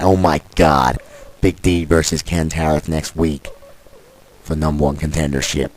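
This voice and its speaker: A man's voice: extremely low pitch, steady tone, unhurried, slight background noise, low-quality recording. A man commentating on wrestling in a sarcastic, exasperated and crude way.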